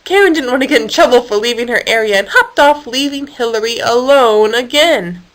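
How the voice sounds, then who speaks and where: A woman reading a children's story aloud in a playful, expressive manner. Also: a little high, brisk, rough recording. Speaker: storyteller for a homeschool course. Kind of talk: storybook read-aloud narration.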